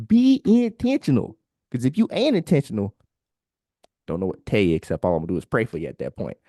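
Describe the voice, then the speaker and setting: A man's voice: low-pitched, very animated, rapid-fire, mellow, no echo, studio quality. A man co-hosting a casual podcast, urging listeners in a preachy way and ending lines with "man". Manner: preachy, repeats "man" at line ends. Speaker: podcast co-host.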